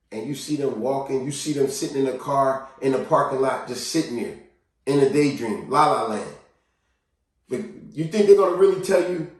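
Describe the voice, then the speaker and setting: A man giving a casual motivational talk to camera, animated, acting out cheerful greetings and quiet sad confessions. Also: brisk, far from the mic. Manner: animated, acts out greetings in a higher voice and sad confessions in a low murmur. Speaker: vlogger. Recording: very echoey room, voice from off mic.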